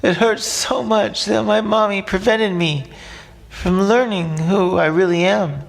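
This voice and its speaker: A man's voice: on the high side, slow pace, pitched above the performer's own voice. A man voicing a small, frightened young male fish in a storybook, talking in a pleading, whiny way.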